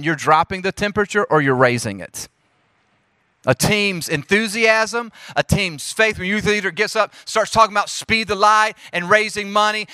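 Lively Southern-accented man preaching. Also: sits high, clean tone, no room sound, studio quality. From Jackson, Mississippi. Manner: lively, preacherly, talks straight to the audience. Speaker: youth ministry speaker. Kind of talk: leadership talk to a youth group.

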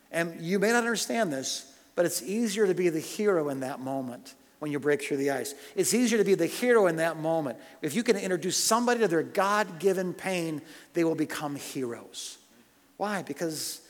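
Male pastor, fervent sermon delivery, slightly higher voice, long hall echo. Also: expressive, normal speed. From United States. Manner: impassioned, swinging from loud urgent questions to hushed storytelling.

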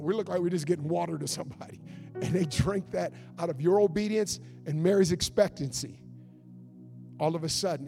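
A man preaching a fervent sermon in a church, swinging between loud build-ups and hushed passages. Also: on the high side. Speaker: pastor.

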